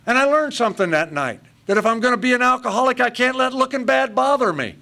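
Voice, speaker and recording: A man's voice: extremely high pitch, expressive, fast talker, vocal fry, bright, forceful tone. A man in his sixties telling his own life story at a recovery meeting, blunt and self-mocking in short punchy sentences, speaking live before an audience. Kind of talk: humorous personal storytelling.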